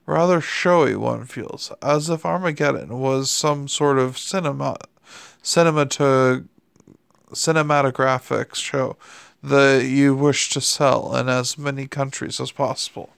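A man's voice: mid-range voice, steady tone, unhurried, gravelly, clear, resonant tone, dry recording, clean studio sound. A man doing Aziraphale, a prim fussy angel. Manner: prissy, old-fashioned politeness. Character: prim fussy male angel, genteel and mild. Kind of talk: audiobook character reading.

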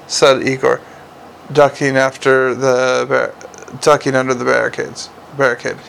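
A man's voice: medium pitch, little pitch movement, moderate pace, vocal fry, fairly bright tone, a little hiss or hum, poor audio. A man reading a novel aloud as narrator, with occasional slips and restarts. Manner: reads with small slips and restarts. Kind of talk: audiobook narration.

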